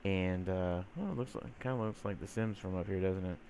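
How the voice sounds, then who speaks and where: A man's voice: low-pitched, brisk, a little mellow, slight background noise. A man giving casual, rambling gameplay commentary, full of fillers, who sometimes coos teasingly at the creatures in his game. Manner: rambling, chatty, filler-heavy; teasing baby-talk to game mobs. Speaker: gamer.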